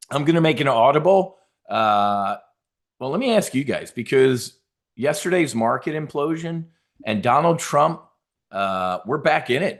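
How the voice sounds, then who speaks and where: A man's voice: mid-range voice, fairly bright tone. A middle-aged man hosting a trading show, giving blunt, profane, rambling live market commentary.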